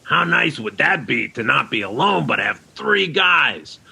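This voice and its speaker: A man's voice: a little high, sing-song, unhurried, heavily acted. A man playing Frank, a cheerful, lonely castaway stranded on an island, who talks to kids in a chummy way and says "yous". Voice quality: gravelly, rough and bright. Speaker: children's program character. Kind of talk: kids' ministry skit monologue.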